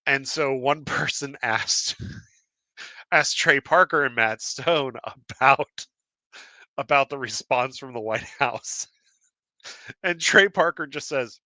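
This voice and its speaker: A man hosting a live podcast stream in casual chat, excited and laughing often, with lots of fillers and restarts. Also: medium pitch, slow, pauses often, no room sound. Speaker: podcast host.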